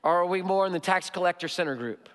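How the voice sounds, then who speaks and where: High-voiced pastor preaching in a reverberant hall. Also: male voice, fairly bright tone. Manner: emphatic, repeats key phrases, slows for stress. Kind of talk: sermon. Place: church sanctuary.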